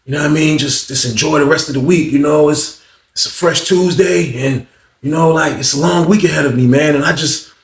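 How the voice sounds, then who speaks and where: Man putting on rambling eager guy, stumbling restarts, raised pitch, echoey room. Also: far from the mic, lightly acted. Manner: halting, rambling, repeats himself. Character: eager, rambling adult male customer.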